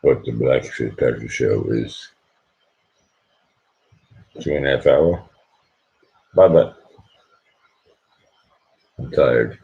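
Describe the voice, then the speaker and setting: A very deep-voiced man hosts a late-night stream in a sleepy, hushed ramble. He keeps his voice low so he doesn't wake the house. The audio is dull and lo-fi. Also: drawn-out words, gravelly, pauses often. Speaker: livestream host. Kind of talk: quiet late-night livestream chat.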